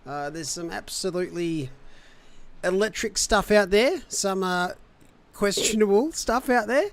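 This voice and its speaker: Hosting a sim racing livestream, this man speaks in a high, expressive voice at a measured pace. He's upbeat and jokey, tossing in plenty of casual slang.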